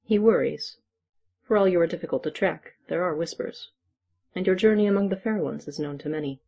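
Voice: medium pitch, brisk, creaky, mellow, husky, highs cut off. A storyteller voicing a stern old she-wolf guardian in an audiobook-style reading, speaking in clipped, terse phrases. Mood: blunt.

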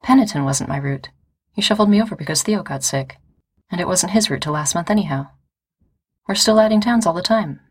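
A woman's voice: low voice, normal speed, vocal fry, husky, no room sound, exaggerated voice. A woman reading the part of a stubborn wounded young woman mail carrier, speaking with determination. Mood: insistent.

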